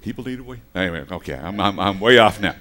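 A middle-aged man delivers a sermon as the church's pastor. He talks in a casual, storytelling way, correcting himself as he goes. His voice dips into quiet asides and then climbs to loud, emphatic bursts. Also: low-pitched, expressive, fast talker. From United States. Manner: conversational storytelling with self-corrections.

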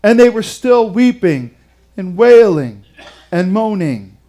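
A man preaching a sermon, asking his listeners questions and sinking to hushed tones to stress a point. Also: high voice, sing-song, takes it slowly. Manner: dramatic dynamics, dropping to hushed tones for emphasis; asks the audience questions. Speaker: pastor.

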